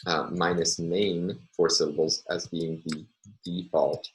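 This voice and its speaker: A middle-aged man with a very deep, low voice gives a recorded university lecture. He explains concepts step by step in a measured, patient way. His steady delivery is broken by ums and uhs. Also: a little hiss or hum, rough recording.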